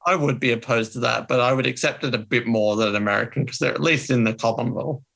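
A man's voice: medium pitch, fairly even intonation, quick pace, vocal fry, a bit bright. An Australian man co-hosting a podcast, chatting casually and ranting with strong opinions. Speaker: podcast co-host. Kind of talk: casual chat.

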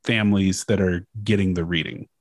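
A young man hosting a podcast, casually chatting and reading news quotes aloud, swearing and pausing with fillers. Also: deep voice, steady tone, dry recording. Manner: casual, profane, halting with fillers. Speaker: podcast host.

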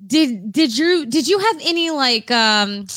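A woman with a bright, rather high voice, chatting casually and teasingly with her co-host. She laughs easily. The sound is dry and close. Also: lively intonation, measured pace, no echo. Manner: playful, giggly, teasing. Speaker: podcast co-host. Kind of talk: casual chat.

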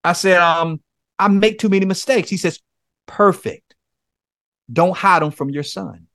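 A high-pitched, slightly bright voice at a moderate pace belongs to a men's coach appearing as a podcast guest. In conversational testimony, he earnestly relates a personal story and performs his own pleas. The recording is dry and studio quality.

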